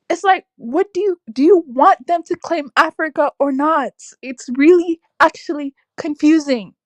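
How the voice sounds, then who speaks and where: A young woman hosting a casual livestream, reacting aloud to her chat with lively, exclamatory talk. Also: high-pitched, normal speed, few pauses, no room sound. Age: young adult. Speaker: livestream host reading chat. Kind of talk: casual live-stream chat.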